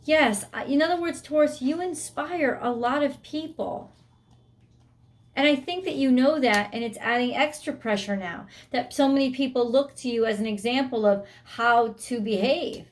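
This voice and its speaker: Woman doing a tarot reading, kinda high voice, blunt, swears a lot, very emphatic. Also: moderate pace. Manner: blunt and emphatic, swears freely, voices the listener's inner thoughts. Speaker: tarot reader.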